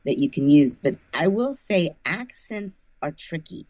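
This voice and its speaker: A woman's voice: low-pitched, lively intonation, a little slow, darkish tone, dry recording. Dry-sounding woman audiobook narrator. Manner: thoughtful, restarts phrases often. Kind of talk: casual interview chat.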